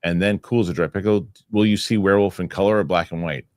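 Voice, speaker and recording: A man's voice: sits low, steady tone, quick pace, dry recording, studio quality. A man hosting a casual show, reading viewer comments aloud and stumbling over restarts. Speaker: host. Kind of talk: casual chat reading live chat.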